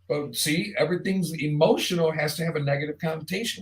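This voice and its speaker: A man's voice: on the high side, fast, hardly any pauses. A man hosting a live online show, talking casually in a rambling, jokey monologue straight to the viewer. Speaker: show host. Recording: roomy echo.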